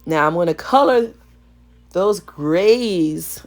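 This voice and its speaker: A woman hair stylist with a gravelly morning voice, chatting playfully to viewers in a salon vlog. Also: low voice, moderate pace, darkish tone. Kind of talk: casual voice-over vlog chat. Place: salon suite.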